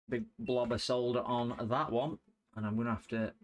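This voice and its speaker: While fixing electronics live on stream, a middle-aged man keeps up a rambling, jokey patter and breaks into song or hums to himself. He speaks at a normal speed in a mid-range voice with a flat delivery.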